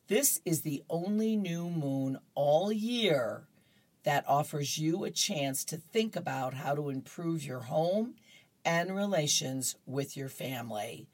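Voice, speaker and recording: Middle-aged woman host, low pitch, husky, relaxed chatty pace. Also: slow pace. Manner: chatty, laughs easily. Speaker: host reading horoscopes and comics. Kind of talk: casual radio-style chat.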